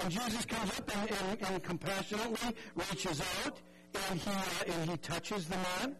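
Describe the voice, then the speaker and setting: Male preacher, earnest and chatty, higher voice, radio broadcast with loud music underneath. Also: brisk, low-quality recording. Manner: earnest, conversational, repeats words, acts out voices. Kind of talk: sermon.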